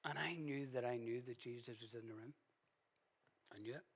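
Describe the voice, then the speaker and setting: A male pastor preaching a sermon in a conversational way, with sudden loud, emphatic bursts. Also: medium pitch, normal speed, breathy edge. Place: church hall. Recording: reverberant church hall.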